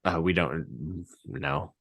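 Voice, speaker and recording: Very deep-voiced male podcast guest. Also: drawn-out words, vocal fry, fairly bright tone, dry recording. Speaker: guest, assistant football coach. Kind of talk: casual chat.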